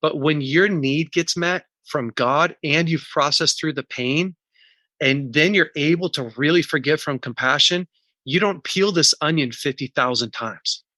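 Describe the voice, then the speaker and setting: A man's voice: a little high, unhurried, bright, forceful tone, no echo. A man speaking as an interview guest, earnest and explaining his points through examples. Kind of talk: casual interview talk.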